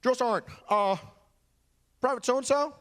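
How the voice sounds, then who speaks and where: A high, bright-toned young soldier speaks with stiff, formal politeness to a superior. He sounds nervous and eager to please, as a man puts him on. His pitch climbs well above a normal speaking voice. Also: a little slow. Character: nervous young male army private.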